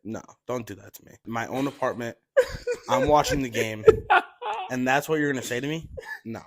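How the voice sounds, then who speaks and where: A man telling stories in casual chat, animated, swearing and laughing as he goes. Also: medium pitch, fast talker, no echo. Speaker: podcast guest telling stories.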